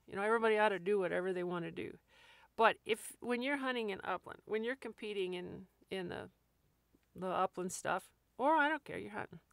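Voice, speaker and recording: Frank woman podcast host, smooth voice. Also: mid-range voice, no room sound. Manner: frank, animated, acts out nagging with quick asides. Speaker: dog training podcast host. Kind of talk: casual instructional talk.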